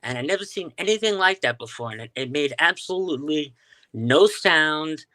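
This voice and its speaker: A man's voice: on the high side, expressive, moderate pace, bright, forceful tone. A man from Staten Island with a New York accent, telling stories as an interview guest, with plenty of fillers and restarts. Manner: storytelling, many fillers and restarts. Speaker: guest, UFO sky watcher. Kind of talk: casual interview chat.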